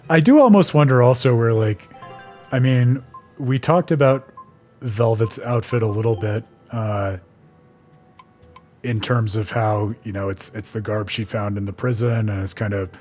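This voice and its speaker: A man's voice: on the low side, unhurried, a little mellow, soft background music. A man hosting a stream, chatting casually and analyzing the story, with plenty of fillers. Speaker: streamer and host.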